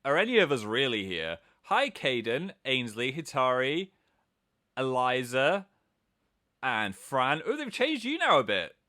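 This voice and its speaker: Playful, lively man hosting a live stream. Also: medium pitch, a little slow. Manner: playful, self-mocking, reads out viewer comments. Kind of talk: casual live-stream chat.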